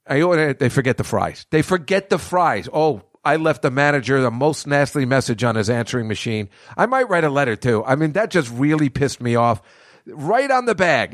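In his fifties, this podcast host tells a meandering, profanity-laced story and laughs at his own jokes in a casual monologue. His voice is medium in pitch, captured in a dry, clean studio recording.

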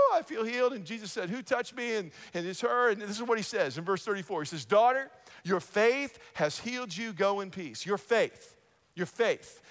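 A man's voice: sits high, fairly bright tone. A man preaching a sermon as a pastor in a church, emphatic, repeating key lines and checking in with the congregation. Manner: emphatic, repeating key phrases and asking the crowd "right?".

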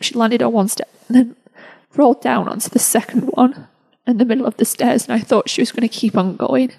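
A woman podcast host telling a personal story in an emotional, halting way, with many restarts. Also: on the high side, steady tone, creaky, mellow, husky, low-quality recording.

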